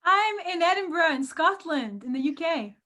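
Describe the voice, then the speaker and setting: Woman guesting on a video call, really high voice, friendly, laughs easy. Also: animated, moderate pace, pushed and bright. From France. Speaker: guest jazz vocalist. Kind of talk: casual chat.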